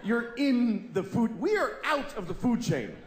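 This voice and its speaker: Animated stand-up comic in an echoey hall. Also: male voice, very high voice, unhurried. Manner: deadpan and exasperated, bursting into shouted voices of animals and people. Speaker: stand-up comedian. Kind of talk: stand-up comedy routine. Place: large theater stage with a live audience. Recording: echoey live hall with audience noise.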